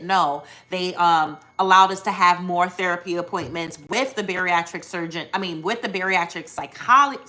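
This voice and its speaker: A woman's voice: fairly low pitch, bright, forceful tone. A young woman from the United States chatting casually on a live stream, upbeat and talkative, with frequent ums and self-corrections. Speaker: weight loss surgery vlogger hosting a live stream. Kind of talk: casual live-stream chat answering viewers.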